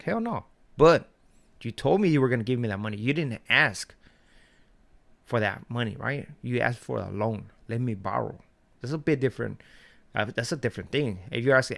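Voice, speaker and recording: A man's voice: medium pitch, expressive, brisk, gravelly, fairly bright tone. A man vlogging in a casual, profane rant, telling street-slang stories with frequent laughter.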